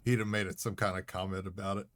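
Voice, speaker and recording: A man's voice: low-pitched, fast, dry recording. Man joking through a gameplay stream. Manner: joking, self-mocking, relaxed chatter. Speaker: game streamer. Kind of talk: live gameplay commentary.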